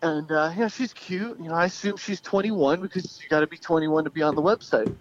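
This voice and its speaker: A man's voice: on the high side, brisk, background noise. A young man telling a long personal story in casual, profane chat, often laughing as he goes. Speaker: guest storyteller. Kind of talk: casual anecdote. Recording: dull lo-fi sound.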